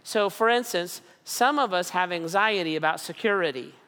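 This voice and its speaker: Middle-aged man, pastor, conversational sermon, repeats key points slowly, long hall reverb. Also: high voice, sharp tone. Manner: conversational preaching, frequent "right?" and "okay?" checks.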